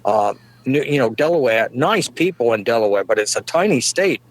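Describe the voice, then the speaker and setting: A man's voice: medium pitch, expressive, moderate pace. Folksy rambling New man. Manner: folksy, rambling, chuckles at own jokes. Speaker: comedic podcast guest. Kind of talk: rambling comedic monologue.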